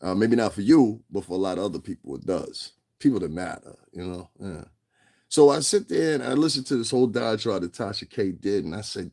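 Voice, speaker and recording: A man's voice: lowish voice, lively intonation, fairly quick, dark tone. A man, ranting profanely in fired-up commentary and repeating himself. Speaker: commentary channel host.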